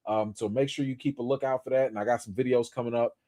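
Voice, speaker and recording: A man hosting a casual livestream, talking in laid-back slang, bursting with excitement at times, and thanking his supporters again and again. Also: medium pitch, fast. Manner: effusive, thanks donors over and over. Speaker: livestream host.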